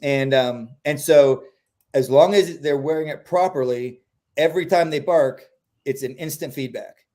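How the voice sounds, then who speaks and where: A man who trains dogs, talking through training tips in a relaxed, animated way and acting out the quotes he gives. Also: fairly high pitch, unhurried. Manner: animated, acts out quotes in voices. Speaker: dog trainer. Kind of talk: casual explanatory chat.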